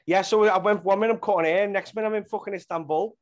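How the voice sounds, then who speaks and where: A man tells rambling stories in a relaxed interview. He swears freely and keeps the tale moving. His voice sits a little high for a man. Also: fast. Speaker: actor and comedian guest. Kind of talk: casual interview chat.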